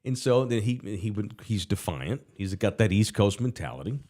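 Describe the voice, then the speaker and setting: Middle-aged man, podcast host, relaxed storyteller, low voice. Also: moderate pace. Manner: relaxed, anecdotal, wry. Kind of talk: casual podcast chat and storytelling.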